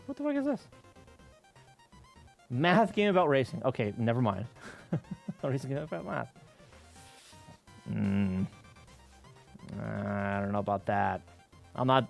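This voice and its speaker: A man's voice: mid-range voice, measured pace, creaky, pauses often, faint music behind. A man live-streaming while reverse engineering game code, chatting casually and rambling, with frequent swearing, laughter and restarts.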